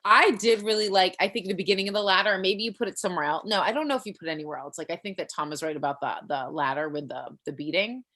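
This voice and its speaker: A chatty woman gives loose, rambling notes on a comedy set, laughing between thoughts. Her voice sits a little low. She comes through a video call. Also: very fast, few pauses, a bit bright. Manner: rambling, chatty, laughs often, many fillers. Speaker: comedy workshop feedback giver. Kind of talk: casual spoken feedback.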